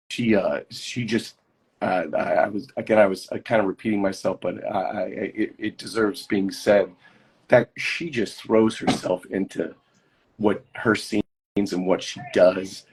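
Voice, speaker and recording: A man's voice: fairly low pitch, fairly even intonation, slow pace, darkish tone, breathy edge. A man, an actor, chatting casually as a guest on a live phone call, telling stories in a rambling way with many restarts.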